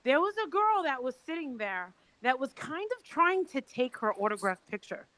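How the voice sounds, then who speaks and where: High-pitched woman rambling thru a story on a video call, does everybody's voices. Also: sing-song, moderate pace, fairly bright tone, dry recording, poor audio. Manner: rambling, acts out quoted dialogue. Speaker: guest recounting events.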